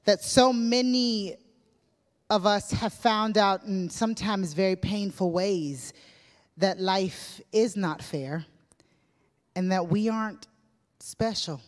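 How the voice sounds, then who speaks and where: Speaking slowly and pausing often at a medium pitch, a woman preaches conversationally to her church, telling stories with casual fillers. The hall's reverb is long.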